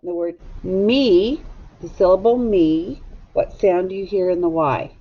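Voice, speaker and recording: A woman teacher leading a recorded phonics lesson for young students, speaking patiently and asking them to echo words back. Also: lowish voice. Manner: slow, patient, asks pupils to echo words. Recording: slightly dull, lo-fi recording.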